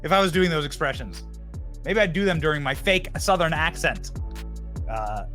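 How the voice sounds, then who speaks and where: A man in his thirties hosts a political commentary show, sounding mocking and excitable. His voice sits somewhat high and swings widely as he laughs and leaps up in pitch to ridicule what he sees. Faint music plays underneath. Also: moderate pace. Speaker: podcast host and commentator.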